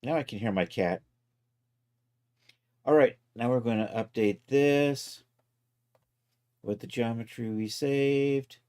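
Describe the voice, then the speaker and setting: A man casually talking himself through each step of a software task on a live stream, loose and self-mocking. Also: medium pitch, slow pace, long pauses. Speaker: livestreaming 3D content creator.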